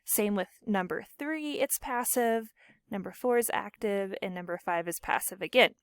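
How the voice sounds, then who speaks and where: Recorded without room sound, a woman speaks at a moderate pace in a medium-pitched voice. She's a teacher guiding students through grammar, explaining clearly and asking questions she then answers herself.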